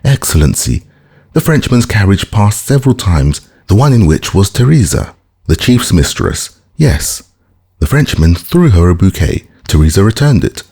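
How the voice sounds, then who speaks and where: A man's voice: low voice, very animated, normal speed, creaky, warm tone, breathy edge, pitched above the performer's own voice, full character voice. A man reading an audiobook, voicing a grateful young bandit messenger who speaks earnestly and deferentially.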